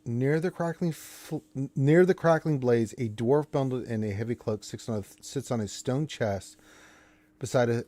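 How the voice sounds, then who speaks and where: A man's voice: medium pitch, warm tone, no echo. A man running a tabletop game as game master, describing scenes with frequent restarts. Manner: descriptive, restarts mid-sentence.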